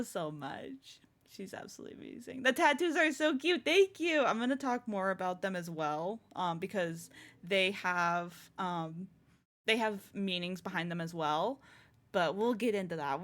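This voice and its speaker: A young woman streamer chatting casually with her viewers, giggling often and gushing. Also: fairly low pitch. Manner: giggly, laughs often and gushes. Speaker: streamer showing her new avatar. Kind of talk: casual live-stream chat.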